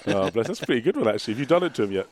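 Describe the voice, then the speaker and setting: A man's voice: mid-range voice, big pitch swings, very fast. A man hosting a podcast in casual chat, laughing a lot and acting out quotes. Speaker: podcast host.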